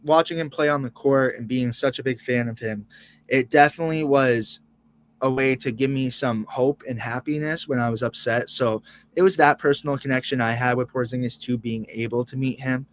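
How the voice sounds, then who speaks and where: A man's voice: mid-range voice, fairly even intonation, normal speed. A young man reacting live as co-host of a sports fan show, emotional and rambling, restarting and repeating words.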